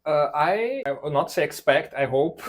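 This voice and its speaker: A Brazilian man with a Brazilian Portuguese accent, speaking English in a relaxed chat as interviewee, often laughing and pausing on fillers. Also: fairly high pitch. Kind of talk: casual chat.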